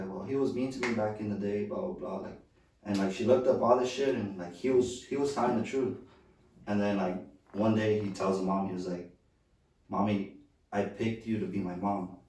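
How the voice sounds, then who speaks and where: A man's voice: lowish voice, a little mellow. A man co-hosting a casual podcast, telling a story in a loose, profane way and saying "bro" a lot. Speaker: podcast co-host. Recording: echoey room, far from the mic.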